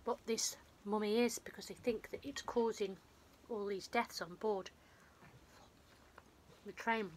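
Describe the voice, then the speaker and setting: A woman's voice: mid-range voice, steady tone, a little slow, pauses often, a little hiss or hum. A woman casually retelling a film's plot in a rambling, self-deprecating way, with a runny nose. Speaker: vlogger. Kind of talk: casual film recap.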